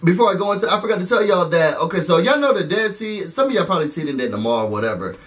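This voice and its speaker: Man, high voice, chatty reality TV recap vlog, talks to viewers as y'all, a little far from the mic. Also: expressive, rapid-fire, a bit bright. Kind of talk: casual recap rant to camera.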